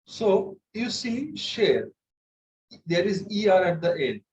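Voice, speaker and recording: A man teaches a French lesson to a class. His voice sits high for a man and he talks slowly. He is patient, repeating words and checking that students follow. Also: very animated, a little mellow, rough recording. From India.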